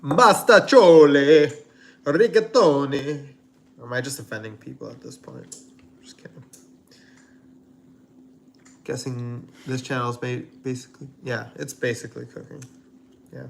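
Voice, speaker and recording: A man's voice: medium pitch, level tone, normal speed, gravelly, pauses often, a bit bright, a little hiss or hum. A man hosting a casual cooking livestream from his home kitchen, rambling and chatty with lots of fillers. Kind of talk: casual live-stream chat.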